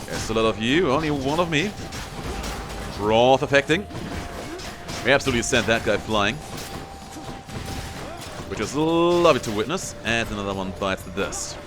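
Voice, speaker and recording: A man's voice: medium pitch, lively intonation, normal speed, pauses often, over music. A young man giving casual commentary on his own gameplay, playfully taunting enemies as he goes. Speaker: gameplay streamer.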